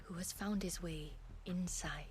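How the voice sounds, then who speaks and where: An actress playing a worried young village woman in a video game, speaking in a hushed, urgent way. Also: fairly low pitch, steady tone, unhurried, a little hiss or hum, natural voice. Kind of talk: game voice acting.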